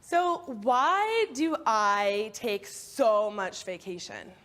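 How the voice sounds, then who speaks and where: A woman coach telling a personal story in an expressive talk, acting out her inner voices. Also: fairly high pitch, very slow. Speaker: speaker, coach.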